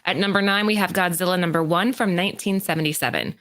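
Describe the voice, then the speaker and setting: Female podcast co-host, slightly low voice, steady reading of sales segments. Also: fast talker. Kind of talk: reading prepared segments and casual chat.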